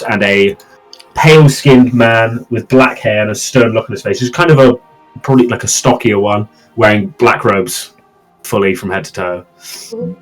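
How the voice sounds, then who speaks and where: A man's voice: medium pitch, rough recording. A man narrating a tabletop game as game master, describing scenes loosely with many fillers.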